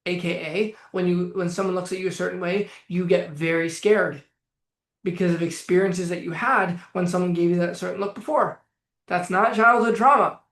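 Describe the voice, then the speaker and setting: A man's voice: sits high, steady tone, normal speed, a bit bright. A man coaching on anxiety in a live-streamed talk, blunt, emphatic and full of swearing. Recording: echoey room.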